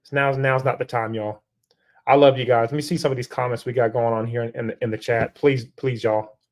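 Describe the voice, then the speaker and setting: Male streamer, middle-aged, fired-up exhorting, slightly high voice, repeats himself. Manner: urgent, preachy, repetitive restarts, rhetorical questions. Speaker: livestream host. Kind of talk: live-stream political exhortation. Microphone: streaming setup.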